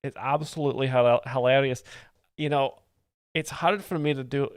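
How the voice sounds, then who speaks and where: Male live streamer, deadpan fake expert, sweary, mid pitch, dry mic. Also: normal speed, smooth, no room sound. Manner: deadpan mock-expert, sweary, absurd claims. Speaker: host, streamer. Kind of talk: live-stream reaction commentary.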